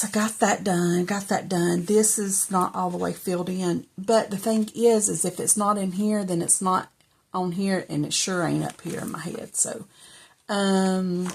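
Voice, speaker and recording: A middle-aged woman, chatting casually and rambling softly as she journals, often dropping to a whisper. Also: mid-range voice, slightly rough. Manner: rambling, soft-spoken, drifts into whispers. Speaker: journaling vlogger.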